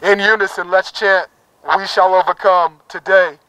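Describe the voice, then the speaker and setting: A man's voice: high voice, flat delivery, normal speed, sharp tone, clean tone, poor audio. A man speaking at an outdoor protest, giving a fervent speech and leading a chant in a prayer. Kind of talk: impassioned rally speech. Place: outdoor town plaza.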